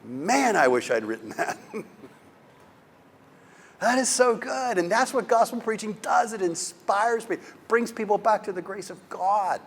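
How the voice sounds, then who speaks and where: A man giving a conference lecture on preaching, telling stories in an animated, emphatic way. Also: sits high, unhurried, in a large hall, slight background noise.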